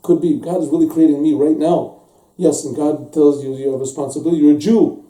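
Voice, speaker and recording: A man's voice: a little high, fairly even intonation, a little fast, mellow. A man teaching a religious text class as a rabbi, explaining at length, repeating words and acting out little dialogues. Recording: echoey room, mic set far off.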